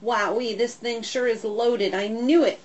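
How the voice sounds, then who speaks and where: A woman's voice: on the high side, steady tone, unhurried, a little mellow, distant mic, highs cut off, lightly acted. A woman voicing an eager, food-crazy pet dog in an audiobook, gushing in breathless exclamations. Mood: excited. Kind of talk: audiobook character voice.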